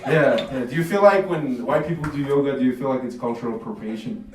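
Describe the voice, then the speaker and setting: A man's voice: medium pitch, quick pace. A man doing a stand-up comedy set in a café, talking in a laid-back, swearing way with lots of fillers. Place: café stage with audience. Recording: roomy, distant, noisy room recording.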